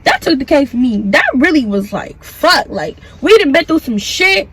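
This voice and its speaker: A young woman with a high voice tells a storytime vlog in a loose, animated way. She swears freely and jumps into the voices of the people in her story. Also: moderate pace. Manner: animated, profane, acts out the dialogue. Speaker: vlogger. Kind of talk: storytime vlog, casual retelling.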